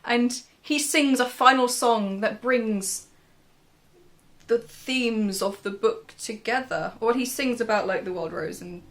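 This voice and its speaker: A woman's voice: a little high, unhurried, a bit bright, faint music behind. A woman casually recapping and reviewing a book, with sarcastic asides and dry humour.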